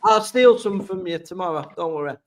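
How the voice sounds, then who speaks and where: A man's voice: high-pitched, expressive, fairly quick. A man with a Sheffield accent hosting a live fan stream, reading out viewer comments and answering them in a blunt, chatty way. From England. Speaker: fan channel host.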